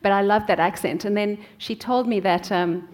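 A middle-aged woman from South Africa, an author telling her family story in an interview, with many pauses and "um"s. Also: mid-range voice. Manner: warm storytelling with frequent "um" pauses. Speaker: author and guest. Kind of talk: conversational interview answers.

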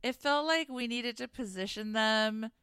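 A woman's voice: fairly high pitch, unhurried, a bit bright, clean tone, no echo. A woman co-hosting a podcast, chatting casually about wrestling with wry, dry asides. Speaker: podcast co-host. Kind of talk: casual chat recapping wrestling.

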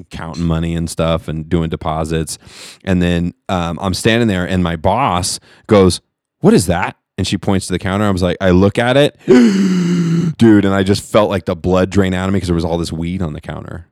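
A man's voice: low-pitched, steady tone, fairly quick, darkish tone, no echo, studio quality. A middle-aged man co-hosting a podcast, rambling through a casual story with lots of laughing and swearing. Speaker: podcast co-host.

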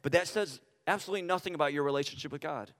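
A man preaching a sermon as pastor, animated and full of rhetorical questions, often restarting his sentences. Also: a little high, very fast. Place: church sanctuary. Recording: reverberant church hall.

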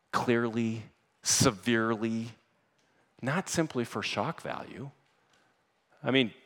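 A man's voice: on the low side, fairly bright tone, big-room sound. A man preaching a sermon to his church in an earnest voice that rises to urgent emphasis. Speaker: pastor. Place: church sanctuary.

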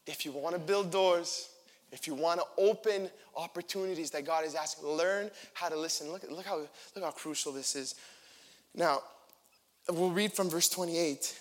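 Young male preacher, high voice, lively sermon delivery acting out scripture characters. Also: normal speed. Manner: animated, acts out the figures in quotes.

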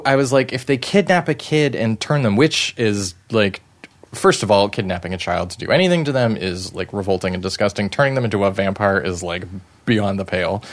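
A man co-hosting a podcast, chatting casually and joking with frequent laughs. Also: on the low side. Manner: jokey, laughs often. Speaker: podcast co-host. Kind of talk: casual chat.

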